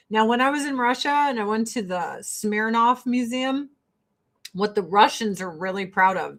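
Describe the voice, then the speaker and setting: A woman from the United States chatting casually while getting ready, telling stories in a profane, animated way. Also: fairly high pitch, normal speed. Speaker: vlogger.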